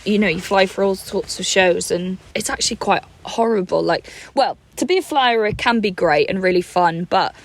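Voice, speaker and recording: A woman's voice: mid-range voice, normal speed, few pauses. A woman co-hosting a comedy podcast, telling stories in a chatty, loose way and swearing freely. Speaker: podcast co-host. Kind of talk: casual comedy podcast chat.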